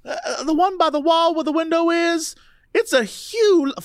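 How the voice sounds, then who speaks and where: A woman's voice: extremely high pitch, dry recording, clean studio sound, voice pushed up. A woman voicing a frightened young woman under hypnosis with a Louisiana accent, who stammers and halts as she recounts. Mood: sleepy. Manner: halting, stammering, breathless recounting.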